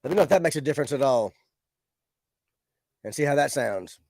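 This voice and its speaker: A man's voice: medium pitch, expressive, fairly quick, gravelly, a little mellow, no room sound, studio quality. A man hosting a casual live-stream, chatting loosely with viewers in a laid-back way. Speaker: livestream show host. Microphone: studio microphone with audio interface.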